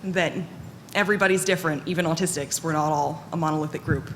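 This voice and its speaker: A woman giving a live conference talk in a fairly monotone, candid and self-deprecating way, with plenty of fillers. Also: low-pitched, quick pace. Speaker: conference speaker. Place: conference hall. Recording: echoey hall with faint noise.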